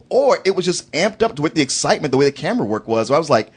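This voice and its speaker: A man's voice: on the high side, animated, racing, husky. A man hosting a casual film review chat, talking animatedly and acting out characters' lines in quoted voices. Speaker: film review podcast host.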